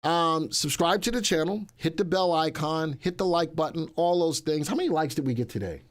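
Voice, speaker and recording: A man's voice: on the high side, moderate pace. Chatty, joking male stream host. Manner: joking, rambling, chatty asides to crew. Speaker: host of a live stock market show. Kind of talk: casual live-stream chat.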